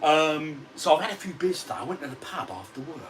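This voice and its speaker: A retro gaming vlogger in his 40s chats casually on a livestream from his home games room, reading out viewer comments in a matey way. His slightly high, bright voice is very animated and fast, picked up by a distant mic with faint ambient noise.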